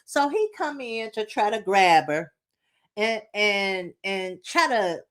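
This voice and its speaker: A woman's voice: mid-range voice, animated, slow pace, a bit bright. A woman from Detroit giving a blunt, profane, slangy casual recap of a reality TV episode.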